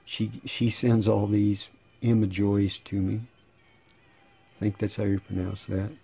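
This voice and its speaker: A man's voice: fairly low pitch, flat delivery, a little slow, gravelly, mellow, husky, soft background music. A man in his sixties casually reading chat messages aloud, with dry sarcastic asides and a rambling way of talking. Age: 60s. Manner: rambling, repeats and restarts words. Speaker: channel host.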